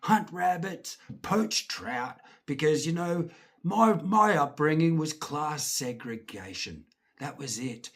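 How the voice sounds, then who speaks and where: A man's voice: fairly high pitch, animated, slow, a bit bright. A middle-aged Scottish man telling his own childhood stories in a rambling, swearing, chuckling way. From Scotland. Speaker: storyteller. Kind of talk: casual personal storytelling.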